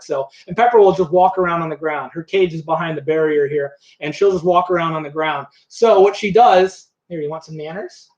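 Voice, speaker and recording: High-voiced man hosting an animal show. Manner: chatty, coos at his pets. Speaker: animal educator. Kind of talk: live-streamed animal show. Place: room at home. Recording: echoey room, slightly dull sound.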